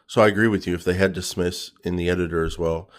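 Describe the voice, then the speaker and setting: A man's voice: deep voice, fairly even intonation, fast talker. A man co-hosting a podcast, chatting casually with a joking, teasing manner. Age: adult with a young son. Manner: joking, teasing, playful banter. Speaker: podcast co-host.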